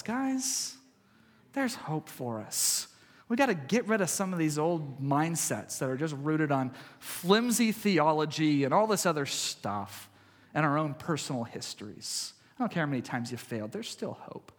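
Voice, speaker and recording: A male pastor preaching a sermon in a conversational way, swinging from loud emphasis to hushed, quiet passages. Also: a little high, big pitch swings, measured pace, in a large hall.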